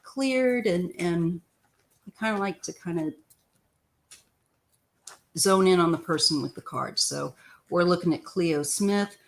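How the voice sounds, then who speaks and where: Older woman, Missouri-born tarot reader, live-stream style: loose, chatty, throat-clearing. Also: fairly low pitch, unhurried, pauses often.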